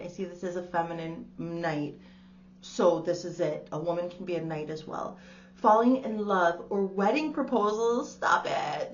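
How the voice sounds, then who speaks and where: A tarot reader gives a casual spiritual reading to the camera, her mid-range voice chatty and full of exclamations as she calls the listener "darling." The audio is dull, with slight background noise.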